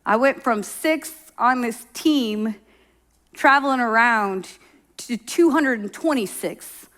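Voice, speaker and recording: Woman, from Oklahoma, high-pitched, preaching, conversational storytelling. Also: slow pace, fairly bright tone. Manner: conversational storytelling, acts out quoted voices. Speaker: pastor. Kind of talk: sermon.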